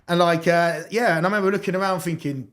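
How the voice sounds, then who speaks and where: A man's voice: sits high, steady tone, quick pace, fairly bright tone. A man in his thirties telling stories from his life as a hardcore MC in a casual interview, swearing often and laughing through his tales. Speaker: hardcore MC and DJ, podcast guest.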